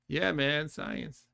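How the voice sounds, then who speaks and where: Bright, clear-voiced man streaming a game. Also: a little high. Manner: chatty, laughs often, reads chat aloud; thinks aloud while playing, trailing off. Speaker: streamer playing a computer game. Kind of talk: casual live-stream commentary.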